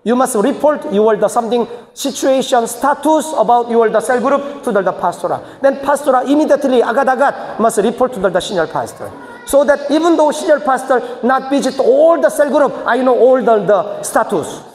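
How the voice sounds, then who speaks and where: A man's voice: very high voice, animated, brisk, a little mellow. A man, a senior pastor, teaching church leaders in choppy, emphatic phrasing that rises into bursts. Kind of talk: teaching seminar sermon. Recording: echoey hall reverb.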